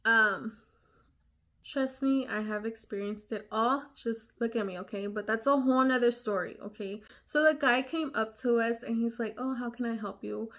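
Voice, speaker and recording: A woman's voice: a little high, moderate pace, fairly bright tone. A young woman vlogger telling a story in casual chat, talking straight to her viewers with lots of fillers. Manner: chatty, many fillers like "you know".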